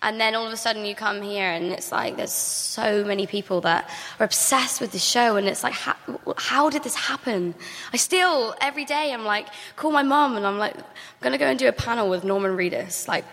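Bright young British woman chatting. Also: fairly high pitch, fairly quick, in a large hall. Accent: British English. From England. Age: young adult. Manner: chatty, laughs often, frequent "like". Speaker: guest actor. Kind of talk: casual chat on a live stage. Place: theater stage before an audience.

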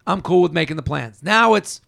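A man's voice: sits high, animated, brisk, creaky, a bit bright. A male podcast host giving relationship advice in casual chat, acting out example lines as he goes. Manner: talks things through, acts out example lines.

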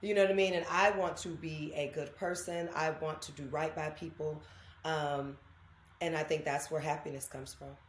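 A woman, a guest telling animated stories in an interview and acting out what people said. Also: deep voice, normal speed, slight background noise. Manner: animated storytelling, acts out quotes. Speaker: guest, actress. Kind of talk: candid interview conversation. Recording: roomy echo.

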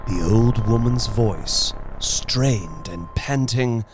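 A man narrating a story in a slow, suspenseful dramatic reading, with music behind him. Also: on the low side, expressive. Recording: reading over background music.

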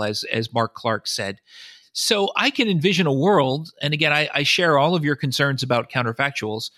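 A man's voice: mid-range voice, lively intonation, moderate pace, pushed and bright, dry recording, studio quality. A man, a historian and author, giving long explanatory answers in a podcast interview, often quoting sources and thinking aloud.

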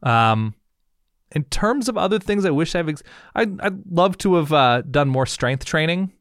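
A man in his thirties talks in a relaxed podcast chat, pressing his co-host with question after question. His pitch rises and falls a lot. The sound is close and dry, with no room echo. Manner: probing, rapid-fire questions. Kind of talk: casual chat.

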